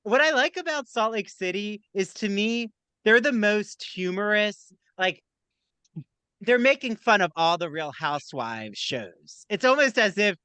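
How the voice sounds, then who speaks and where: Bright-voiced guy, smooth and crisp, joking around about reality tv, dry close sound. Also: high-pitched, very animated, a little slow, dry recording. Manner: playful, chatty, jokey. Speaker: podcast host. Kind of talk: casual gossip chat.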